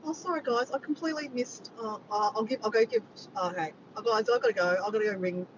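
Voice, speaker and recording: A woman with an Australian accent chatting casually on a livestream, rambling and reading out comments from her viewers. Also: fast talker. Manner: rambling, reads out the chat and greets viewers by name. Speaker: vlogger hosting a livestream. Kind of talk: casual live chat with viewers. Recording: dull distant mic with vehicle rumble.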